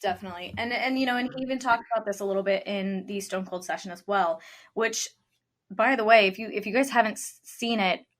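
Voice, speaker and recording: A woman's voice: medium pitch, a little fast, fairly bright tone. A woman co-hosting a podcast, chatting casually and enthusiastically, often dropping "like" mid-sentence. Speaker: podcast co-host. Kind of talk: casual chat.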